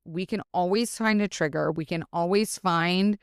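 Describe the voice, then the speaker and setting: A woman's voice: fairly low pitch, normal speed, clear, resonant tone, no room sound, studio quality. A woman guest on a podcast, talking frankly and expressively, swearing freely and acting out her inner dialogue. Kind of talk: casual interview chat.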